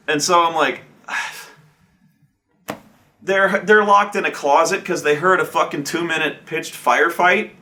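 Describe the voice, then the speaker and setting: A man's voice: fairly high pitch, sharp tone. A man recounting a tabletop game session as game master, rambling and profane, with restarts and acted-out quotes from the players. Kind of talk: casual profane storytelling.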